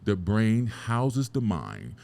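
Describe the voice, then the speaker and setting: A man's voice: on the low side, wildly swooping pitch, slow, gravelly, a little mellow. A man hosting a podcast, giving an emphatic, preachy motivational talk full of rhetorical questions and casual swearing. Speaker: podcast host.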